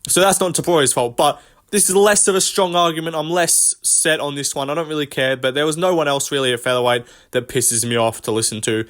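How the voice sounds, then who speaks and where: A man's voice: a little high, brisk, fairly bright tone. A man ranting casually about fighters in a vlog, rambling, profane and dismissive. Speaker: MMA commentary vlogger. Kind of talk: casual commentary rant.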